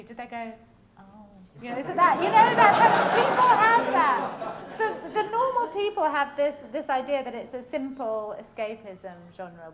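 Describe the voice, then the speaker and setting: A woman chairing a festival panel discussion, chatty and quick, laughing often. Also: high-pitched, a bit bright, a little hiss or hum. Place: festival stage. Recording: echoey hall, faint ambience.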